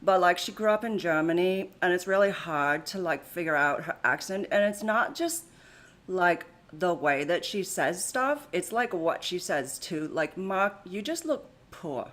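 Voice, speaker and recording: Woman, lowish voice, podcast co-host, casual chatty talk, lots of fillers. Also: animated, a little slow, fairly bright tone. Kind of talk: casual live-stream chat.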